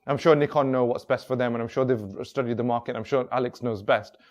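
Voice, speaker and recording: A man's voice: mid-range voice, fairly even intonation, fast talker, dull audio, lightly acted. A man voicing a dismissive female manager in his own voice.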